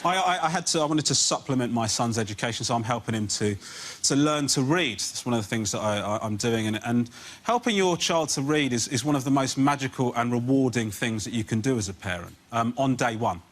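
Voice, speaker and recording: A man doing a stand-up routine on a panel show, ranting with incredulous outbursts that build to shouts. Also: medium pitch, fairly quick. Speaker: comedian. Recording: loud background noise.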